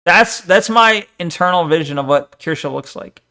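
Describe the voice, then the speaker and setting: A man's voice: on the high side, lively intonation, normal speed, pushed and bright. A streamer chatting casually on a live stream, rambling and arguing as he reads viewers' messages aloud and answers them.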